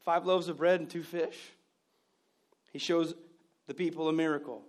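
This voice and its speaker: A man's voice: on the high side, steady tone, normal speed. A man preaching a sermon, telling stories with mimicked voices and joking, sarcastic asides. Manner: jokey, sarcastic humor. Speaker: pastor.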